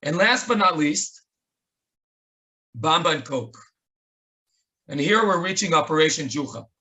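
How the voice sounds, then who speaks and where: An Israeli man with a high, bright voice tells a tribute story earnestly. He slips into quoted dialogue as he goes, speaking into a webinar microphone. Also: lively intonation, unhurried.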